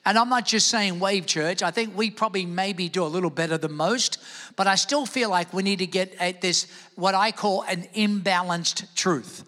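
A man preaching a lively sermon to his church, calling on the congregation to shout back. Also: sits high, moderate pace, big-room sound. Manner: energetic preaching, calls on the crowd to shout back. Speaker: pastor. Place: large church service.

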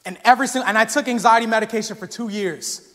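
A young man preaching a sermon in a church, talking casually and telling stories with animated energy that rises to shouts. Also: high voice, very fast. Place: church sanctuary. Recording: long hall reverb.

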